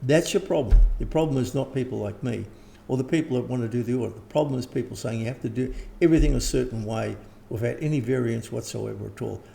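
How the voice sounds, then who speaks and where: Older aussie guy rambling in an interview, keeps clearing his throat, gravelly voice. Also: mid-range voice, quick pace, few pauses, warm tone, slight background noise. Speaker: interviewed teacher. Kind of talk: casual conversation.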